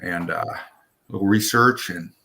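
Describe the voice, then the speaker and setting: A man's voice: low voice, unhurried, vocal fry, sharp tone. A man on a video call chatting in an upbeat, agreeable way. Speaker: guest. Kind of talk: casual call chat.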